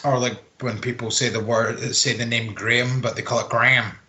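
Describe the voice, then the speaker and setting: A man's voice: medium pitch, level tone, a little fast, a bit bright. A man, co-hosting a podcast and recapping wrestling in a rambling, sweary, casual chat. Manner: rambling, sweary play-by-play with filler words. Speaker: podcast co-host.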